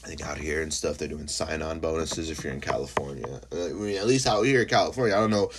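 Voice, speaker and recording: A young man hosting a casual solo podcast who is high, rambling and swearing freely between fillers. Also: quick pace, very noisy. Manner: rambling and profane, full of fillers. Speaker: podcast host.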